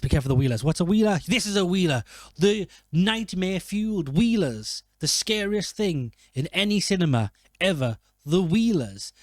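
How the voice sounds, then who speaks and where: A man with a fairly high but darkish voice gives casual film commentary, rambling, joking and often revising what he says mid-sentence. The audio has no room sound.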